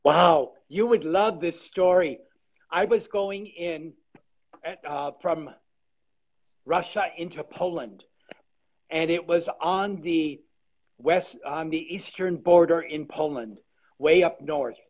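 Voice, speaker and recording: Animated older man telling stories. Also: a little high, takes it slowly, long pauses, slightly rough, poor audio. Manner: animated storyteller, trailing restarts. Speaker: guest artisan. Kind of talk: casual interview chat. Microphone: video call.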